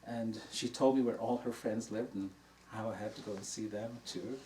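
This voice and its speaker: With a fairly low, steady voice at ordinary speed, an older dharma teacher warmly narrates an anecdote for a hall audience, finding himself funny. The sound is distant, recorded in a room with slight background noise.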